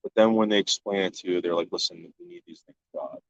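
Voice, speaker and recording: This stream host, lowish and gravelly in voice, answers chat fast and with fairly even intonation, swearing freely and bluntly while frequently restarting what he says. The dull, lo-fi sound was captured in a dry, dead room.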